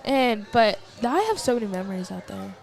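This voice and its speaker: A woman's voice: mid-range voice, fairly quick, creaky. A teenage girl with a Texan accent co-hosting a live archery stream, rambling through stories with giggles. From Texas. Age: teens. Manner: chatty, rambling storytelling with giggles. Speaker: livestream co-host. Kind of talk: casual live commentary chat.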